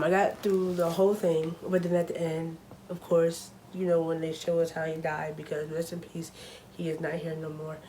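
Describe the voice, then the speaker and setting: A woman's voice: sits low, background noise. A young woman talking casually to her camera at home, chatty and full of fillers, openly nervous. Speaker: vlogger.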